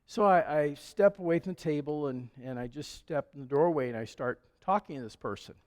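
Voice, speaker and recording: A male pastor preaching a sermon in a relaxed, conversational storytelling way. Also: on the high side, a little fast. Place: church sanctuary. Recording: long church hall reverb.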